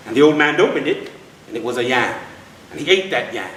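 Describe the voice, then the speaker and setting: A man's voice: a little high, expressive, fast talker, fairly bright tone, slight background noise. A man telling history and a folk tale live to an audience, folksy and calling the crowd y'all, heard from far off in an echoey room. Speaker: storyteller. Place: historic site event.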